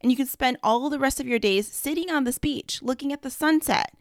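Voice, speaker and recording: A woman's voice: mid-range voice, brisk, fairly bright tone, dry recording, clean studio sound, close to an everyday voice. A woman reading the lines of an impatient, lecturing businessman in a story read aloud. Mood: angry. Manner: insistent, lecturing, growing angrier. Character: pushy, irritable businessman, adult male.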